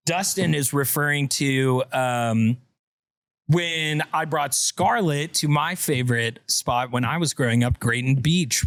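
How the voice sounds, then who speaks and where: A man's voice: mid-range voice, a bit bright, no echo, clean studio sound. A man hosting a casual podcast, chatting playfully and reading listener messages aloud. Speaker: podcast host.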